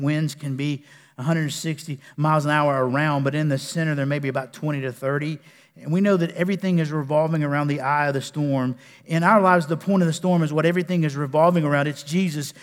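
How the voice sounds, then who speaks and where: A male pastor preaching a sermon in a folksy way, dropping to a hush and rising to loud bursts. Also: a little high, fairly even intonation, brisk. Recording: echoey hall with long reverb.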